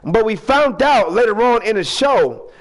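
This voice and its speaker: A man hosting a fan-made video-game wrestling show, rambling in casual chat and breaking into drawn-out ring-announcer calls. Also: high-pitched, very animated. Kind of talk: casual hosted recap with announcer flourishes.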